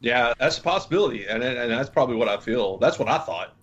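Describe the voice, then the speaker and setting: A man's voice: medium pitch, fast talker, dull audio. A man co-hosting a podcast, rambling through a casual movie review with lots of fillers. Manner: rambling, filler-heavy, animated. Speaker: podcast co-host.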